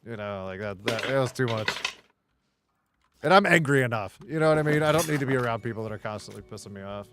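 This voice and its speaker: This gaming streamer, a middle-aged man, talks fast and expressively at medium pitch against a noisy background. His storytelling while playing is blunt, full of profanity and frequent laughter.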